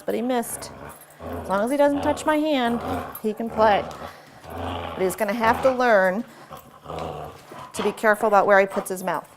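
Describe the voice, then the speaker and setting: A woman's voice: fairly high pitch, moderate pace, pauses often, slight background noise. A woman dog trainer demonstrating tug play, explaining patiently between short commands to a dog.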